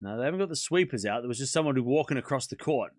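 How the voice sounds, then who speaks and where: A man's voice: mid-range voice, lively intonation, very fast, dry recording, clean studio sound. A man with a sore throat chatting casually to his live-stream audience while waiting out a rain delay. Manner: chatty, talks to chat, laughs often. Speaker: tennis watchalong streamer.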